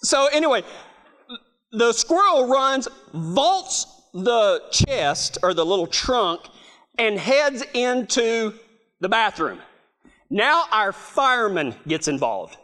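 A middle-aged man with a drawl tells stories in a high, bouncing voice. He laughs through his own tales and restarts his sentences as he goes, an animated, chatty storyteller. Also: takes it slowly. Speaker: speaker. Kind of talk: humorous storytelling talk.

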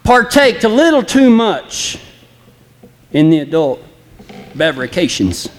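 A man's voice: high-pitched, very animated, slow, long reverb tail. A man preaching an impassioned, folksy sermon that speaks straight to the congregation. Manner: impassioned, folksy and direct, acting out flippant apologies.

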